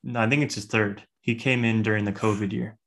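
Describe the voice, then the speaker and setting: A man with a lowish voice chimes in on a casual sports podcast. He is blunt and slangy, calling people out and agreeing hard with his co-host. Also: steady tone, a little fast, a bit bright. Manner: blunt, slangy, laughs along.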